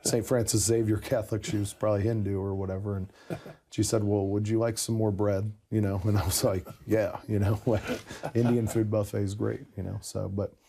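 A man telling the story of his conversion in a casual conversation, animated and laughing often. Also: on the low side, a little fast, creaky, a little hiss or hum.

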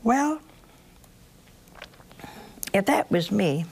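A woman with a sore throat telling a religious story to an audience in a plain, gentle way with dry humor. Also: medium pitch, sing-song, drawn-out words, vocal fry, a little hiss or hum.

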